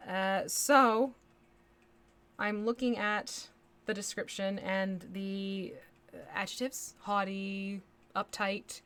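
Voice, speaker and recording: A woman hosting a live painting stream talks in an easygoing, conversational way at a mid-range pitch. She thinks aloud and hums bits of nonsense syllables as she paints. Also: level tone, takes it slowly, fairly bright tone, clean tone. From United States. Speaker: miniature painting livestream host. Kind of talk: casual chat while painting live.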